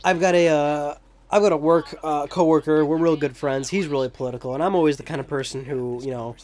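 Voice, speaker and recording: Young male let's-player, slightly high voice, rambling and jokey, swears casually. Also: steady tone, fairly quick, a little mellow. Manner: rambling, joking, profane asides. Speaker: let's play commentator. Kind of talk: casual gameplay commentary.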